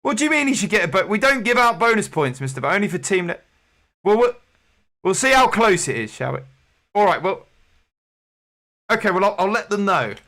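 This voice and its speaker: Male quiz host, slightly high-pitched, playful showman patter, rambling and comic. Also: big pitch swings, brisk, long pauses, bright, forceful tone.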